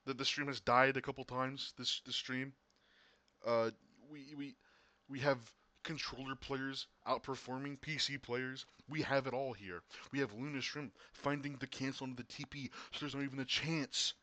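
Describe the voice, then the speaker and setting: Bright-voiced male esports caster. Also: medium pitch, normal speed, no room sound. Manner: excitable, repeats and restarts words. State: voice getting worn. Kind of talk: casual esports commentary.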